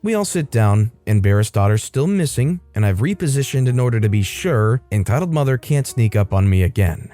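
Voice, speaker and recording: A man's voice: medium pitch, animated, a little fast, few pauses, dark tone, soft background music. A man narrating a reddit story in the first person, dry and wry.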